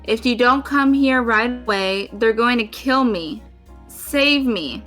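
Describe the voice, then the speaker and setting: A woman's voice: on the high side, slow pace, fairly bright tone, faint music behind. A woman voicing a panicked young man begging for rescue, in a raised, strained cry. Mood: desperate.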